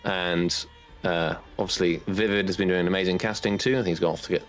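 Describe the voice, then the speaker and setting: A man's voice: low voice, steady tone, brisk, soft background music. A man hosting a gaming tournament stream, talking in a rambling, heartfelt way with lots of fillers. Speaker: tournament organizer and host. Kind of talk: casual stream chat.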